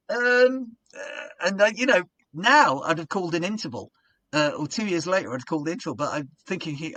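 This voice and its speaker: A comedian appears as a podcast guest in casual chat, telling a comedy anecdote and acting out his old stage patter with rising energy. His voice sits on the high side, recorded dry.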